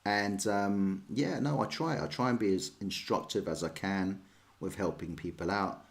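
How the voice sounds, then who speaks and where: A man's voice: on the low side, moderate pace, vocal fry. An English man streaming chess, chatting casually and rambling as he answers viewers' questions. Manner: chatty, rambling, self-deprecating.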